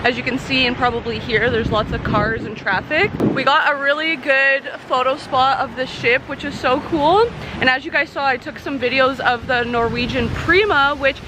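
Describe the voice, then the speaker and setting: A woman's voice: high-pitched, steady tone, normal speed, background noise. A woman chatting casually to her camera in a travel vlog, bubbly and full of fillers, from a cruise ship cabin. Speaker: travel vlogger.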